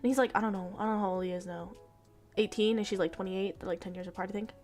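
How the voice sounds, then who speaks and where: A woman's voice: medium pitch, fairly even intonation, racing, a little mellow, faint music behind. A female streamer giving casual commentary, exasperated and swearing a lot.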